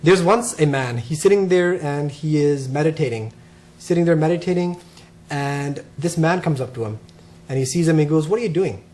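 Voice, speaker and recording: A man with a somewhat high voice gives a relaxed spiritual talk. He is earnest and tells stories, often checking in with his listener. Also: moderate pace. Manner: earnest, uses "right?" often. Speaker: speaker on spirituality. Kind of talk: casual spiritual talk with storytelling.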